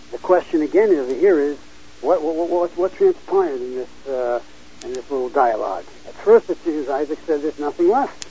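A man teaching a Torah class, halting often with fillers and restarts as he reads verses aloud and explains them. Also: a little high, breathy edge. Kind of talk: Bible class lecture. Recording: dull lo-fi recording.

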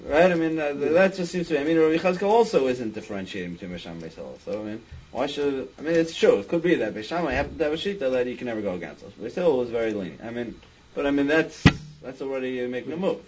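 A man's voice: mid-range voice, lively intonation, racing, darkish tone, slightly rough, lo-fi sound. Man teaching Talmud, thinking aloud. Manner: thinks aloud, frequent "I mean" restarts. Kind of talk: Talmud study class.

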